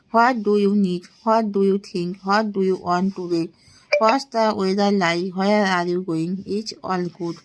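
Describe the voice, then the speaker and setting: On a low-quality recording, a young Indian woman in her 20s tutors English by reading short sentences singly. Her medium-pitched voice moves slow and deliberate, broken by small laughs.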